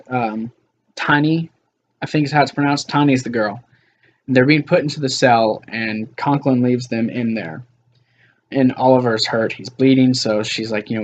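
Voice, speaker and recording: A man loosely recaps a TV episode, full of fillers and quoted lines as casual asides. His voice is medium-pitched, and the audio is dull with a bit of hiss or hum.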